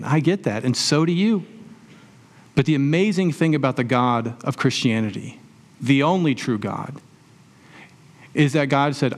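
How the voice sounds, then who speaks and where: Conversational man preaching a sermon. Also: medium pitch. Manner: conversational preaching with rhetorical questions and everyday examples. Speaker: pastor.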